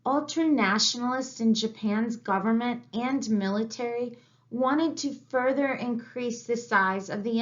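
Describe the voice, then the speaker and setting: Slow, deliberate woman teaching history. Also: fairly high pitch. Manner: slow and deliberate, with quoted asides. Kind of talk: recorded lecture narration. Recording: dull lo-fi recording.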